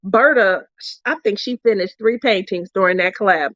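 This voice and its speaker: A woman's voice: medium pitch, normal speed, fairly bright tone, no echo, highs cut off. A woman vlogger telling a craft retreat story in a casual way, laughing often between sentences. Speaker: crafting vlogger giving awards.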